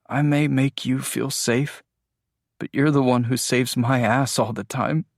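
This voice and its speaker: A man narrating an audiobook voices a teasing, tender young man with a raised pitch and a playful manner. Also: steady tone, a little slow, creaky, no room sound, clean studio sound. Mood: tearful. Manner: playful, joking.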